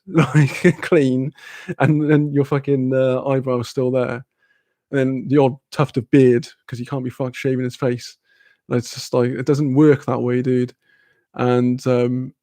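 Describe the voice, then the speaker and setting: Gravelly young man swearing freely. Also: mid-range voice, darkish tone, no room sound, clean studio sound. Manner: swears a lot, loose rambling with fillers. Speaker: streamer. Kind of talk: casual storytelling.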